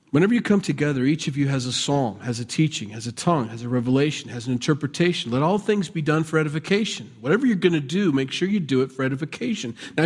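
Male pastor, husky voice, lively chatty sermon, echoing sanctuary. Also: fairly high pitch. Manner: animated and self-deprecating, swings between loud bursts and quiet asides. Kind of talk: conversational verse-by-verse sermon. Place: church sanctuary. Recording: church sanctuary with long reverb.

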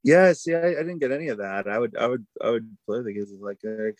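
A man's voice: mid-range voice, animated, fairly quick, dry recording. A man co-hosting a podcast, chatting casually and rambling with many fillers. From Boston area. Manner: rambling, lots of "like" and "you know". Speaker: podcast co-host. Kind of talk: casual chat.

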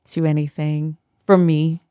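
A woman's voice: sits low, little pitch movement, unhurried, dark tone, clear, resonant tone, dry recording, clean studio sound. A woman in her forties, a former radio host, chatting candidly with wry, profane humor. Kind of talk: casual chat.

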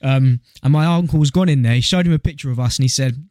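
A young man co-hosting a podcast, telling animated stories and swearing freely in casual chat. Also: mid-range voice, quick pace, no echo, clean studio sound. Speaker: podcast co-host.

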